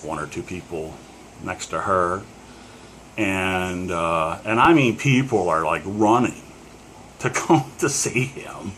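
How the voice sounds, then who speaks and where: A middle-aged man from Pennsylvania with a somewhat low voice tells a story straight to the camera. He rambles, stops and restarts with plenty of fillers and chuckles. There is a faint hum of room noise behind him. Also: a bit bright. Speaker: collector.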